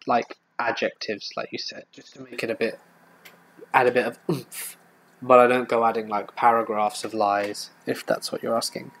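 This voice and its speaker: A man's voice: medium pitch, fairly bright tone, slight background noise. A man, hosting a casual live stream and answering viewer questions in a chatty, hesitant way. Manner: chatty, hesitant, with frequent fillers and restarts. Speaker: horror story narrator and channel host.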